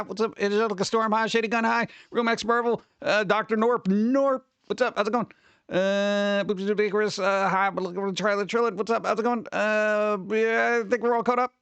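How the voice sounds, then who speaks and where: Host excitable streamer guy, high voice, dry close sound, rambling chat. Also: smooth, dry recording, dull audio. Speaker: livestream host. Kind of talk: casual live-stream chat.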